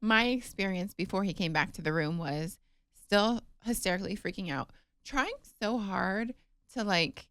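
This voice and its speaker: A woman co-hosting a podcast, telling a personal story in casual chat, animated and emotional with many fillers. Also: mid-range voice, normal speed, clean tone, dry recording. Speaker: podcast co-host.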